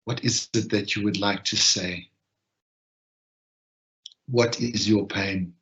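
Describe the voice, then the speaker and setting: A soft-spoken man guides listeners through a reflection and breathing practice, taking his time and leaving long pauses. His voice sits a little low and moves very slowly. The sound is dull and lo-fi, like online session audio. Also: fairly even intonation. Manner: gentle, unhurried, with long pauses. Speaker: session leader.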